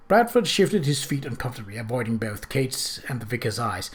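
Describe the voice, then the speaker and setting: A man reading a novel aloud in a steady, expressive narration. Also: medium pitch, fairly quick, hardly any pauses. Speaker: audiobook reader.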